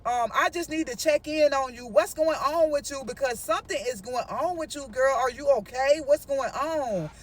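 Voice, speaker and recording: A woman voicing her adult female cousin, pleading softly and sounding concerned, with the voice a little far from the mic. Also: high voice, normal speed, hardly any pauses, pitched below the performer's own voice, natural voice.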